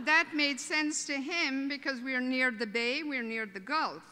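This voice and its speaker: Irish woman welcoming a big crowd, slow and joking, echo of a big hall. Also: high voice. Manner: warm, joking, folksy. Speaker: host welcoming a convention. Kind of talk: humorous welcome speech. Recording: reverberant convention hall.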